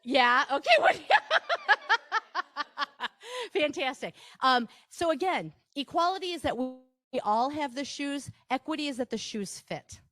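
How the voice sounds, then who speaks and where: A woman's voice: high voice, animated, normal speed, fairly bright tone. A woman with a Wisconsin accent giving a live workshop presentation, chatty, with asides and rhetorical questions to the audience.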